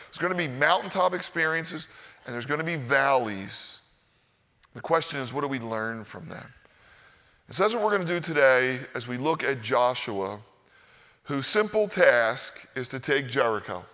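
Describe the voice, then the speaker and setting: A man preaching a conversational sermon as pastor, animated and often checking in with the congregation. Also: medium pitch, big-room sound. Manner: animated, conversational, keeps asking "right?".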